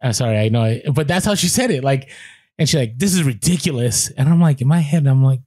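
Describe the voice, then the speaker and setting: A man co-hosting a podcast, telling an animated story with quoted voices and many restarts. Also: medium pitch, quick pace, no echo. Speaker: podcast co-host.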